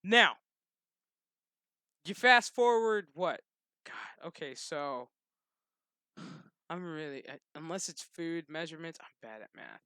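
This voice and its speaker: A man hosting his own channel, ranting casually and profanely in a rambling, animated way. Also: fairly high pitch, slow pace, pauses often, clear, resonant tone, dry recording, studio quality. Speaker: gaming channel host. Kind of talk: casual rant.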